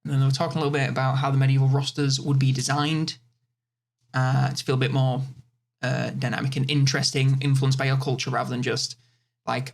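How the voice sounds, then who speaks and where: A man's voice: medium pitch, little pitch movement, fairly quick, gravelly. A man co-hosting a casual gaming podcast, loose and joking. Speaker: podcast co-host.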